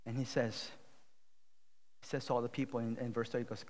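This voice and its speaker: A male pastor preaching a sermon, retelling a Bible story with loud emphatic peaks and low, slow, quiet appeals. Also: little pitch movement. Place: church sanctuary. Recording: long hall reverb.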